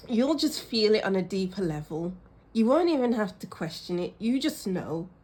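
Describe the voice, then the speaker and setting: This tarot reader's medium-pitched voice is very animated and slightly rough, at a normal speed. In her pick-a-card reading she addresses viewers directly with effusive emotion, laughing and sighing often, in a warm, reassuring way.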